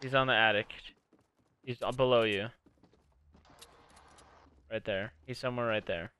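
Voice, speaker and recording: Bright-voiced man coaching his partner in-game. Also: on the low side, a little slow, clear, resonant tone. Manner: bossy, excitable coaching, swears. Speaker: gaming channel host. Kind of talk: casual gameplay commentary.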